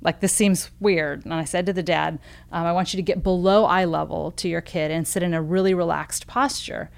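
Animated woman telling a coaching story. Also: fairly low pitch, brisk, gravelly. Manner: animated storyteller who acts out quoted dialogue, with frequent "um" and "like". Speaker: parenting expert and coach. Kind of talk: podcast interview storytelling.

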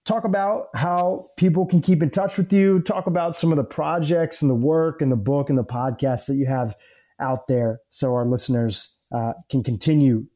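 Mellow-voiced male podcast host. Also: on the high side, normal speed. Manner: calm, reflective, reads the disclaimer softly. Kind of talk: interview hosting and scripted disclaimer.

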